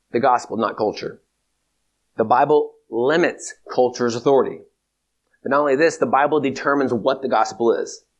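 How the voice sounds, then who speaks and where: A man giving a theology lecture in a measured, emphatic way, repeating his key points. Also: mid-range voice. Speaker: teacher.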